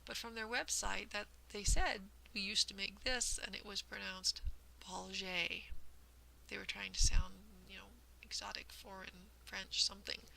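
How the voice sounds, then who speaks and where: A woman with a heavily gravelly, fry-laden voice talks through her hobby in a casual vlog. She explains things patiently and carefully, poking fun at herself along the way. Her pitch sits in a middle range, and faint noise runs under the recording. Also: steady tone, moderate pace, few pauses, bright, forceful tone, poor audio. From United States. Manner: careful, explanatory, self-deprecating. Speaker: host of a cross-stitch vlog.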